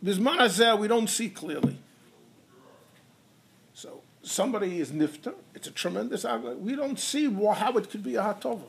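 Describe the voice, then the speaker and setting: A man giving a Torah lecture in English, animated, peppered with Hebrew and Yiddish terms and telling stories with quoted dialogue. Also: high voice, brisk, vocal fry, slight background noise. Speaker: rabbi teaching halacha.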